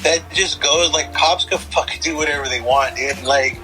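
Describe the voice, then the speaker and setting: A man's voice: on the high side, moderate pace, sharp tone, soft background music, poor audio. A young man co-hosting a podcast, rambling casually about a film, swearing and saying "dude" often. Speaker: podcast co-host.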